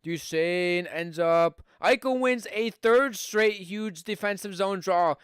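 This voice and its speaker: A man's voice: high-pitched, slow, clear, resonant tone, dry recording, clean studio sound. A young man from Buffalo with a Western New York accent, a podcast host doing casual live hockey play-by-play on a stream, chatty with fillers and rising on scoring chances.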